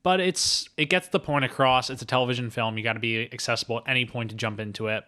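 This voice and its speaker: A man's voice: medium pitch, quick pace, sharp tone. Chatty man reviewing a movie. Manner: chatty, retells scenes eagerly. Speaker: podcast host. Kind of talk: casual movie-review chat.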